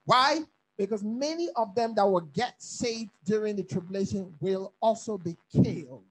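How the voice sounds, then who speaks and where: A man's voice: sits high, rough recording. A man from Africa, a pastor leading a bible study, preaching emphatically with repeated phrases and questions to his listeners.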